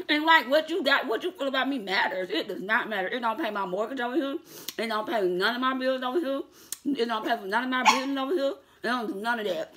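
A woman talks straight to her viewers in a casual vlog, chatty and quick to laugh. Her voice is bright and forward, and it turns sassy and defiant when she calls out her critics. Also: a little high. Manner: chatty, addresses viewers as y'all, laughs often. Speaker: vlogger.

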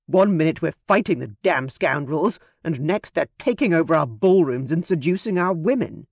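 A woman voicing a blustering, hostile English gentleman in an audiobook, gruff and scornful. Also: low-pitched, lively intonation, moderate pace, no echo, clean studio sound.

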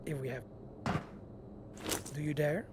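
A man on voice chat as a gaming teammate, talking quickly and excitably, swearing casually. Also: on the high side, background noise.

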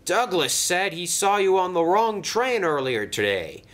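A man voicing a brisk, helpful male crane engine in a toy train story. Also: high-pitched, big pitch swings, a bit bright, voice pushed up, full character voice.

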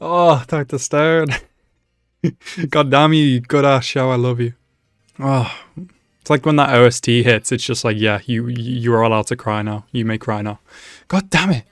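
This anime reactor speaks mid-range, a little slowly, leaving long pauses, in clean studio sound with no room sound and soft music underneath. His commentary is casual and live, full of laughter, excited outbursts, and asides to the screen.

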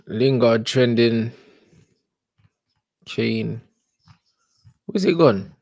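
A young man, giving live reaction commentary on football, slangy and shouting in disbelief. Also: medium pitch, very slow, gravelly, dry recording. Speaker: football watch-along streamer.

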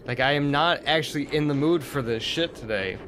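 A man's voice: on the high side, brisk, music in the background. A young man giving gameplay commentary, frustrated and swearing as he mutters to himself. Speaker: gaming video host.

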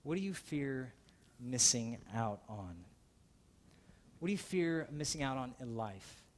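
A man preaching a sermon as pastor, earnest and swinging between emphatic passages and hushed, softly spoken ones. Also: medium pitch, animated, a little slow.

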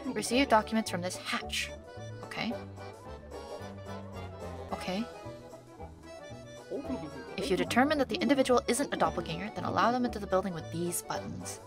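A young woman streaming a game, reading its text aloud and thinking out loud, often scattered and flustered, with lots of ums. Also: medium pitch. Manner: scattered and chatty, many ums, gets flustered; reads on-screen instructions in a mumbly undertone.

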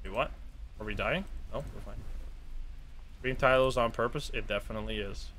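A man's voice: fairly low pitch, brisk, a little hiss or hum. A man streaming a ghost-hunting game live, talking to his chat and swearing often. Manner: excitable, swears, talks to chat. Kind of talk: live gameplay commentary.

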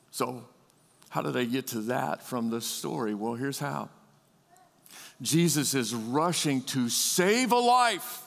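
Man preaching in a reverberant church. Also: a little high. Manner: animated preaching, leads the congregation in repeating words. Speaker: pastor. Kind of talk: sermon. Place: large church hall. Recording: church hall with long reverb.

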